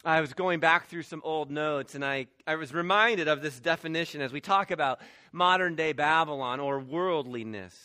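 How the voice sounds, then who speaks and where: A man's voice: high voice, pushed and bright, no echo, clean studio sound. A man preaching a sermon as pastor, emphatic, with restarts and quoted asides.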